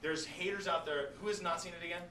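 An animated male teacher jokes with his class while lecturing. His voice sits a little high and is picked up from a distance. The classroom echoes, and steady noise hums under it. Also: fast talker. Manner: animated, joking, talks straight to students. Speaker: biology teacher.

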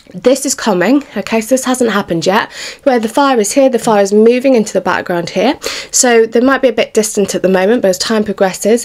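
A British woman talks through a tarot reading in a casual, chatty way, reassuring her viewers as she goes. She sounds a little out of breath throughout, her pregnancy pressing on her lungs. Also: mid-range voice. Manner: chatty, reassuring, informal with occasional swearing. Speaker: tarot reader.

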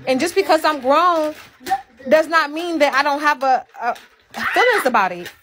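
A woman with a high voice talks straight to her live-stream viewers, pouring out hurt in an emphatic, unfiltered way. She swears freely and keeps circling back to the same points as she vents. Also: animated, normal speed, music in the background. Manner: emphatic, profane, repeats herself. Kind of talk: emotional venting to a live audience.

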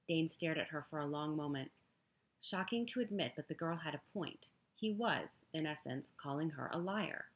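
A woman reading a romance novel excerpt aloud in a smooth, steady storytelling manner. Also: deep voice, normal speed, highs cut off. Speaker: audiobook reader.

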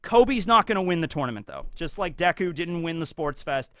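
A man's voice: on the high side, a little fast, no echo, clean studio sound. A man giving casual, rambling fan commentary as a YouTube commentator, full of fillers. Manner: rambling, filler-heavy, animated.

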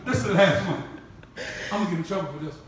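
A woman preaching a sermon in a fiery, conversational way, often shouting, with laughing asides. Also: lowish voice, fast, crowd noise. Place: church sanctuary. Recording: echoey church from far off.

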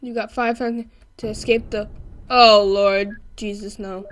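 A young woman giving excitable gameplay commentary, laughing and yelling at the game as she plays. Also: medium pitch, unhurried. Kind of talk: let's play commentary.

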